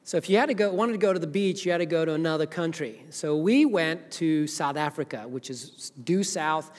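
A middle-aged man with a Zimbabwean accent preaches from the pulpit, his voice sitting a little high for a man. He shifts between loud, fervent preaching and quiet, earnest asides. A long reverb from the church sanctuary trails every phrase. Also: brisk. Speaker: pastor. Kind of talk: sermon.

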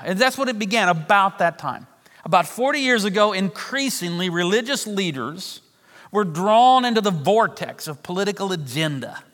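A middle-aged man delivers a sermon from a church, his voice sitting high for a man. He preaches emphatically and doubles back on key phrases to drive them home. The sound carries a long reverb from the large room. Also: a bit bright. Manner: emphatic, repeats phrases for effect. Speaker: pastor.

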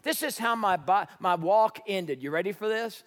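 A middle-aged man preaching a sermon as a pastor, telling a family story in an animated way. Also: sits high, normal speed. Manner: storytelling, animated, shouts in retellings. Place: church sanctuary. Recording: echoey church hall.

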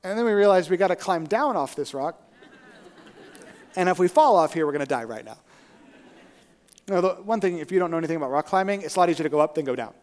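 A man preaching a sermon as a story, conversational and animated, often asking "right?". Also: a little high, quick pace, long pauses. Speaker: pastor. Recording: reverberant hall.

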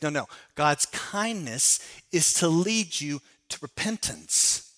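A man preaching a sermon on a Bible passage, emphatic and swinging between raised and hushed delivery. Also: on the high side, big pitch swings, slow pace.

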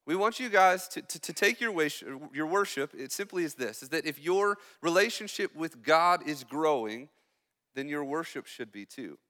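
Upbeat young male student pastor, bright tone. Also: fairly high pitch, lively intonation, big-room sound. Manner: chatty, joking, quick asides. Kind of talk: sermon. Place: church hall.

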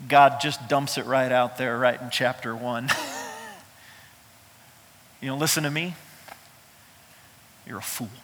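A man's voice: mid-range voice, fairly even intonation, unhurried, long pauses, a bit bright. A middle-aged man, a pastor, preaching a sermon in an emphatic, conversational way with touches of humor, in a church. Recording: reverberant hall sound.

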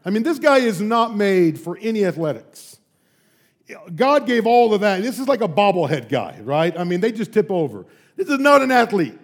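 Brief: preacher with a high voice, lively storyteller, chatty asides. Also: male voice, normal speed. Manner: animated storytelling, frequent asides. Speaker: pastor. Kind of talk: sermon.

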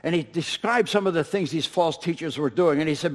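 A man preaching a sermon with dynamic delivery, rising to loud emphatic peaks and dropping to soft, near-whispered lines, with self-deprecating humor. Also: fairly high pitch, fairly quick, few pauses. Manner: self-deprecating humor, laughs at own stories. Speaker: pastor.

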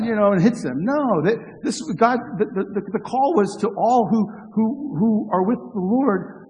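A male pastor delivers an earnest sermon and breaks in with humorous asides, often restarting his sentences. His voice sits high. The long reverb of a large church hall trails behind each phrase. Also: moderate pace, a little mellow.

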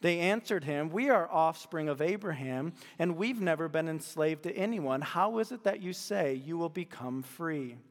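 A man with a somewhat high voice preaches a sermon. His phrasing is emphatic and repetitive, building his points through restatement. His words echo with the long reverb of a large hall. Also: animated, moderate pace, hardly any pauses. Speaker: pastor.

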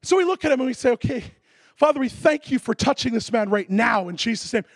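A man preaching a sermon, telling a comic story with animated delivery and shouted sound effects. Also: extremely high pitch, fast, no echo, clean studio sound.

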